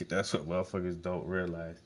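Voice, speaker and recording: A man hosting his own show, talking in a casual monologue, blunt and heavily profane, often repeating words for emphasis. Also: low voice. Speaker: host.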